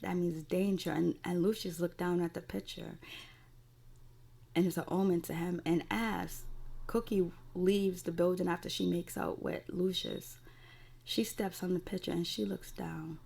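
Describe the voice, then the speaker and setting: A woman's voice: fairly low pitch, steady tone, unhurried, vocal fry, warm tone, husky. A woman casually recapping a TV episode in a rambling, profane way with lots of fillers. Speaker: TV recap reviewer.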